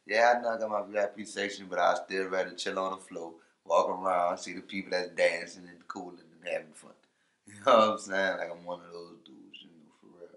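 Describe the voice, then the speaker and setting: A man, a rapper, talking casually in an interview, loose and laid-back, leaning on "you know" and "for real", and getting loud when he is fired up. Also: low voice, little pitch movement, fairly quick, reverberant.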